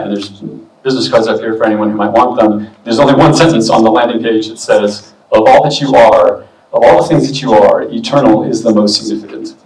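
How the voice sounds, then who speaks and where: A man's voice: mid-range voice, recorded from a distance. Chatty man speaking in an echoey hall. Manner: relaxed, self-deprecating, chatty with fillers. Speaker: medium giving a talk. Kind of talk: public talk to an audience. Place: expo hall. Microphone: booming handheld or stand mic. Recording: echoey hall, mic heard from afar.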